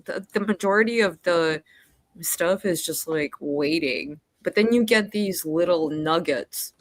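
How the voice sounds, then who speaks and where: Brief: woman hosting a live stream, laid-back and giggly, slow delivery, dry sound. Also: fairly low pitch, no room sound. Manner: giggly, hesitant, trails off. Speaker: stream host. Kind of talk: casual chat on a livestream.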